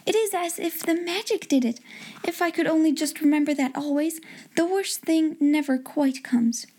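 A woman's voice: high voice, lively intonation, normal speed, slightly rough. An eager imaginative young girl, as a woman reader puts her on. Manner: bright, eager, wondering.

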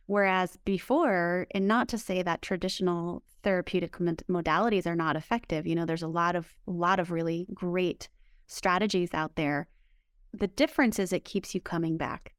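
A woman's voice: lowish voice, moderate pace, clear, resonant tone, no echo, clean studio sound. A woman healing coach answering interview questions in an emphatic, upbeat way, often repeating words for stress. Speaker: spiritual healing coach, guest.

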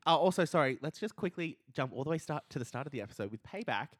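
Chatty podcast co-host, lively sing-song delivery, curses and laughs a lot, dry close sound. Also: medium pitch, fast, breathy edge, no echo. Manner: swears freely and laughs often; animated, acts out quotes in raised voice. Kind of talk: casual wrestling recap chat.

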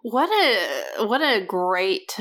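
A woman's voice: medium pitch, wildly swooping pitch, extremely slow, fairly bright tone. A woman co-hosting a film podcast who chimes in with short, amused remarks. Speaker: podcast co-host. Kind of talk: casual movie recap chat.

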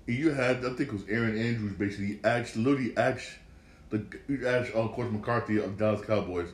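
A man's voice: lowish voice, brisk. A man hosting a casual solo podcast, talking off the cuff with lots of swearing, repeated words and stumbling restarts. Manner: profane, repetitive, stumbling restarts. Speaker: podcast host. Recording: echoey room with faint ambience.

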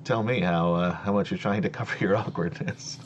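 A man narrating as game master of a tabletop game, slow and hesitant with many fillers. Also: deep voice, steady tone, dull audio, slight background noise.

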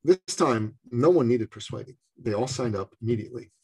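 A middle-aged man from Canada telling a personal story in conversation, animated and acting out the voices of others. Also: mid-range voice, fairly quick, slightly rough. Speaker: speaker and business coach.

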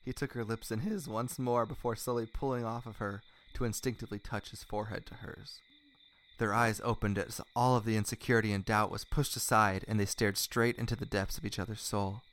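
A man reading a romance story aloud in a hushed, mock-earnest way. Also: on the low side. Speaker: reader of a fan story.

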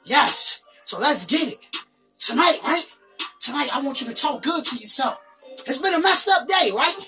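A woman giving an emphatic motivational monologue. She repeats her lines and bursts into shouting. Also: sits high, lively intonation, moderate pace. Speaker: motivational speaker. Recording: distant from the mic. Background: faint music.

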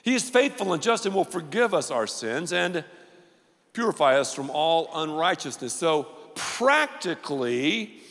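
A man preaching a sermon to a large church crowd, playful and animated, drawing the audience into call-and-response. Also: fairly high pitch, measured pace, long reverb tail. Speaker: pastor.

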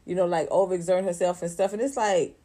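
A woman gives loose, animated celebrity gossip commentary. Her voice is mellow and a little husky. She swears freely. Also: fairly low pitch, quick pace. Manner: animated, profane, laughs often, acts out voices. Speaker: commentary channel host.

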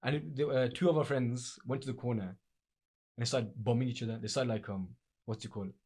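A man's voice: medium pitch, fairly even intonation, brisk, a little mellow, husky. A young man, co-hosting a podcast in casual chat. He rambles, restarts often and uses a lot of slang. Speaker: podcast co-host.

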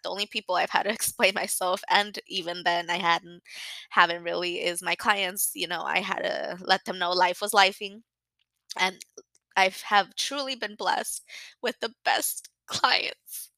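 A young woman talks into her podcast mic about a hard stretch of life, open and unguarded, often circling back and correcting herself. Her voice sits a little low but sounds bright and forward, and she is fighting back tears. The sound is dry and close, with no room around it. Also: no room sound, rough recording. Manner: candid, emotional, rambling with restarts. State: near tears. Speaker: podcast host. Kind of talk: personal podcast monologue.

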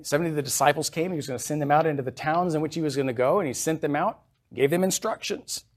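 A man's voice: fairly high pitch, fast talker. Preaching man, emphatic scripture reading. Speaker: pastor. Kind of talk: sermon. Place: church.

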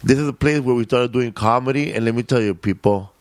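A man's voice: medium pitch, fast talker, no room sound. Profane storytelling man, dry close sound. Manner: profane, loose storytelling with slang. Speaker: podcast co-host and comedian. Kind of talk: casual chat.

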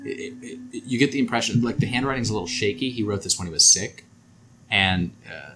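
A man's voice: on the low side, expressive, a little fast, noisy background. A man narrating as game master of a tabletop game, laid-back and hesitant, with frequent ums.

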